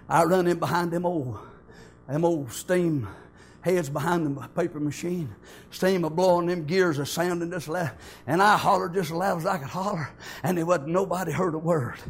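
High-voiced older man testifying. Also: normal speed, husky. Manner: folksy, homespun storytelling. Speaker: church member giving testimony. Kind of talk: church testimony.

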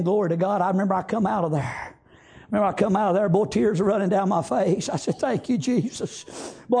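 Fervent shouting preacher man. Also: high voice, husky. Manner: fervent, chanting rhythm with many "uh"s and shouts. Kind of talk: sermon.

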